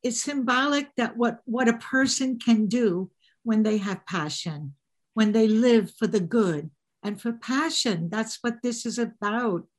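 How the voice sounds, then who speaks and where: Guest: woman, fairly high voice, earnest, repeats key words. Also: unhurried. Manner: earnest, emphatic repetition. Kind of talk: casual interview chat.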